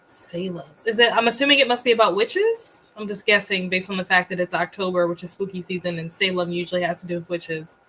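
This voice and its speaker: A woman hosting a casual livestream, chatty and quick to laugh as she greets viewers. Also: on the low side, fairly even intonation, a bit bright, slight background noise, rough recording. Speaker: livestream host.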